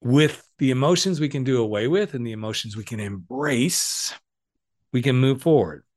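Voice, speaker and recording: A man's voice: mid-range voice, normal speed, a little mellow. A middle-aged man hosting a podcast, giving a casual motivational monologue with playful, cheeky asides. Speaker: podcast host and coach.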